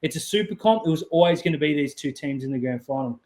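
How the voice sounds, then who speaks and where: A man's voice: fairly high pitch, lively intonation, fast, a little mellow, reverberant. A man co-hosting a sports podcast over a remote call, upbeat and joking. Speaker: podcast co-host. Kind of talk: casual sports chat.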